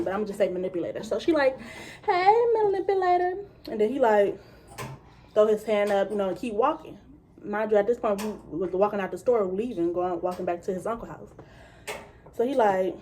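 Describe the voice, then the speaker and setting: A woman's voice: mid-range voice, a little hiss or hum. A young woman vlogger casually retelling a personal story, swearing freely and acting out what people said. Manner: casual, profane, animated retelling with quoted voices. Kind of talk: storytime vlog.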